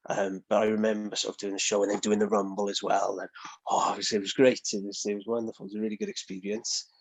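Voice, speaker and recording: A man, a wrestling guest, telling lively stories in a casual interview and acting out the people he quotes. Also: on the low side, fast.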